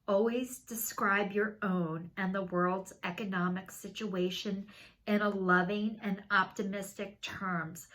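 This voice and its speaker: Slow, earnest woman giving a spiritual card reading. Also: mid-range voice, pushed and bright. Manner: slow, earnest and consoling, with many pauses. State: tearful. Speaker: tarot and oracle card reader.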